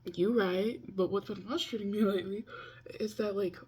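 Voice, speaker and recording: Speaking over a video call for a confessional vlog, a woman in her twenties chats casually, mocking and scolding herself as she goes. Her mid-range voice is dark and slightly rough, with fairly even intonation and a moderate pace.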